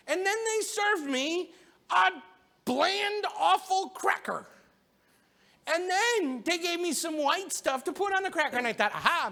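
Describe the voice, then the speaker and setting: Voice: high-pitched, pushed and bright, voice pushed up, full character voice. A service leader voicing a poor, hungry traveler man who complains with exaggerated indignation.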